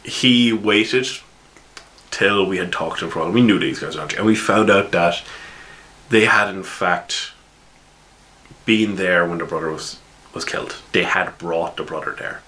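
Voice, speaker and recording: A man casually retelling his tabletop game session in a rambling, animated way. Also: sits low, moderate pace, pauses often, poor audio. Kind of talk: casual storytelling.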